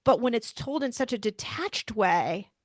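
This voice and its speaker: A woman's voice: a little high, expressive, a little slow, no room sound. Earnest middle-aged woman, dry close sound. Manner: earnest, searching, frequent restarts and "like". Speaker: pediatrician and bereaved mother, guest. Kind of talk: heartfelt interview storytelling.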